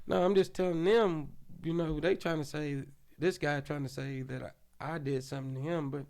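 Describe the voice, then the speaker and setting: A man from Oklahoma City, a podcast guest, telling a story in casual, animated speech full of slang and profanity. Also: on the high side, normal speed, creaky, hardly any pauses.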